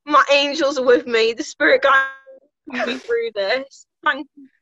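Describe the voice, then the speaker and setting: A woman's voice: high voice, steady tone, unhurried, bright, forceful tone, lo-fi sound. A young woman co-hosting a podcast, chatting casually in an emotional, giggly, dramatic way. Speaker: podcast co-host. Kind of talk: casual chat.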